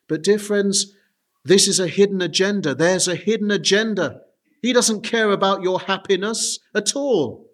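A man's voice: sits high, measured pace, fairly bright tone. A man preaching an earnest sermon, often turning to his listeners with direct appeals.

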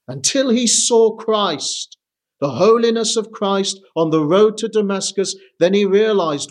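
A man preaching a sermon, reading scripture aloud slowly and stressing his points. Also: high voice, expressive, darkish tone. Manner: slow and emphatic, reading scripture aloud deliberately.

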